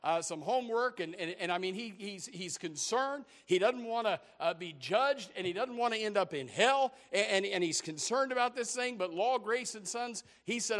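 A male preacher telling a sermon as a story, animated and prone to repeating words as he gets going. His voice is high and swoops widely. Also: normal speed, few pauses. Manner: animated, repeats words when starting sentences.

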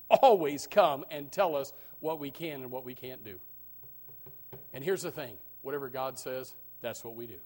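High-pitched pastor guy preaching, goes from shouting to quiet asides, says amen a lot. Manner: swings from loud preaching to low, quiet asides, calls of amen; repeats words when starting sentences. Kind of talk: sermon.

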